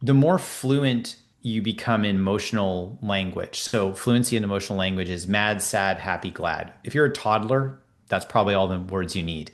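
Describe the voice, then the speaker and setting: Middle-aged man, low voice, acting out dialogue. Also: normal speed, few pauses. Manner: explanatory, acts out quoted dialogue in lively voices. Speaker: guest, leadership coach. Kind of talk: podcast interview.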